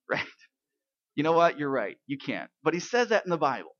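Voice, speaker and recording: A man preaching a sermon, telling stories and asking rhetorical questions, swinging between quiet and loud emphasis. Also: fairly high pitch, big pitch swings, moderate pace, no echo, dull audio. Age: adult parent. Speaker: pastor.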